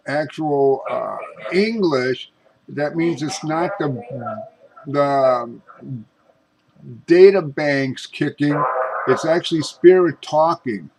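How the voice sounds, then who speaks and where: Slow, halting man demoing ghost box apps. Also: a little high, noisy background. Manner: slow, halting, many restarts; calls out politely to spirits. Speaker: paranormal investigator.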